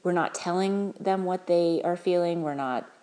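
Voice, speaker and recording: A woman giving parents earnest, gentle advice, talking with frequent fillers and restarts. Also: on the low side, normal speed. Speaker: parenting advisor.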